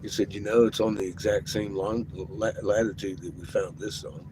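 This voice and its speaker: An excitable man talks in a loose, rambling vlog, cursing freely and breaking into laughter. His voice sits a bit low. A steady noise runs under the recording, with the sound of a vehicle. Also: normal speed. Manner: excited, profane, laughing often. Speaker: vlogger. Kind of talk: rambling casual vlog talk. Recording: noisy, with vehicle ambience.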